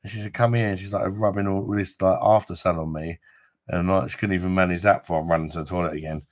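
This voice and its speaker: Low-voiced coughing man. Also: steady tone, fast. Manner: rambling, swears freely. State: coughing, chest infection. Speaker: livestream host. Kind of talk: casual live stream chat.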